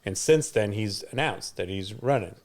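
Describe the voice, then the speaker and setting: Lowish in pitch but expressive, a middle-aged man speaks at normal speed as a podcast co-host. Casual and talkative, he tells stories and breaks into laughter often.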